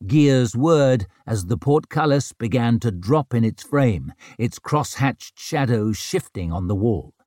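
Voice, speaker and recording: A male audiobook narrator with a mid-pitched voice whose pitch rises and falls freely. He tells the story with dramatic flair. The recording is dry and close, with no room sound. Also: expressive, unhurried, hardly any pauses, dark tone, dry recording. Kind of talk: scripted narration.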